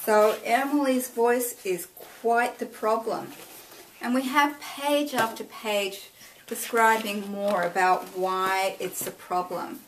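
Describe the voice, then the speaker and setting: Slow, distant woman reading a picture book. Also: on the high side, slight background noise. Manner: expressive read-aloud, pausing to point out details.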